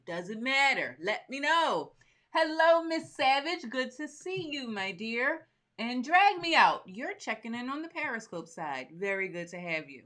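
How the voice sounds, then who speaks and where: A woman's voice: on the high side, lively intonation, a little slow, bright, forceful tone. A woman who makes soap, hosting a live stream in an upbeat, chatty way and greeting viewers by name. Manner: chatty, upbeat, talks straight to her audience.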